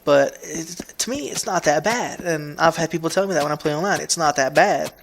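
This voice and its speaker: A man with a Southern US drawl talks casually in a slightly high voice, rambling and restarting his sentences as he goes. He sounds laid-back, and a faint hiss sits under the recording. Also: brisk, creaky. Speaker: gaming video host.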